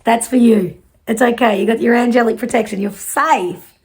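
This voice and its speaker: A woman's voice: a little high, steady tone, normal speed, a little mellow. Chatty Australian woman giving a card reading. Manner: chatty and reassuring, swears casually. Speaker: psychic card reader. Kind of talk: casual spiritual card reading.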